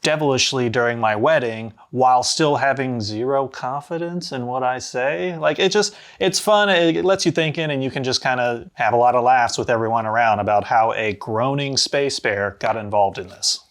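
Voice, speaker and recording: A man reviewing a party game in a casual, animated way. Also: medium pitch, moderate pace, few pauses.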